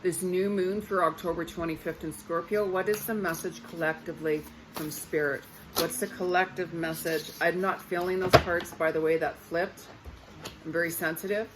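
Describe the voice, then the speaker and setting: A woman's voice: fairly low pitch, fairly even intonation, normal speed, noisy background. A woman in a casual spiritual talk to her viewers, chatty and repetitive, often saying okay. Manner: chatty, repeats herself, says okay often. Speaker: psychic reader.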